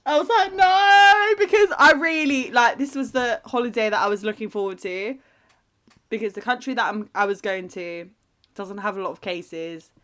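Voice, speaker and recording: A woman's voice: mid-range voice, normal speed, bright, forceful tone. A young woman co-hosting a casual podcast chat, laughing often and calling her friend "mate". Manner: chatty, laughs often, says "mate" a lot. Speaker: podcast co-host.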